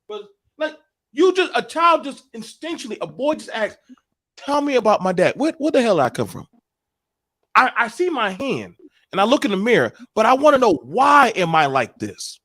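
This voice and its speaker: A man telling stories on a podcast, emphatic and animated, with plenty of profanity. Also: very high-pitched, no echo. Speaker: podcast co-host. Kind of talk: casual podcast discussion.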